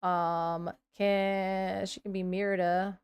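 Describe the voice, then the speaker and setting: Chatty woman streamer with a smooth voice. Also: medium pitch, level tone, extremely slow. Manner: chatty, reacts aloud while scrolling, bursts into squeals. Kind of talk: casual live-stream chat.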